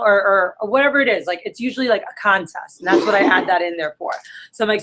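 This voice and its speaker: A woman's voice: mid-range voice, fast, fairly bright tone. A woman leading a live coaching session for her sales team in a room, talking casually and upbeat with lots of fillers. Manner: casual, upbeat, full of fillers like "you know" and "da, da, da".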